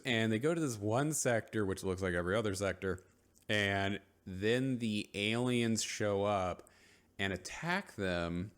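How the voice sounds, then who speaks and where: A man giving a casual, rambling rant recapping a TV episode, full of filler words and mocking quoted asides. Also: lowish voice. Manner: mocks characters in quick quoted asides. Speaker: vlogger reviewing a TV episode.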